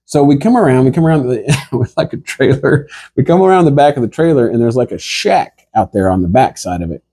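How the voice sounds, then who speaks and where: A husky man with a lively, swinging voice, spinning a rambling comic story. He laughs his way through it and jumps into the voices of the people in it. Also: mid-range voice, brisk.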